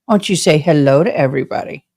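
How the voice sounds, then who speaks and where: A woman's voice: low-pitched, fast, gravelly, a little mellow, dry recording, studio quality. A woman hosting a live stream from her home, chatting casually and talking straight to her viewers. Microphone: camera setup.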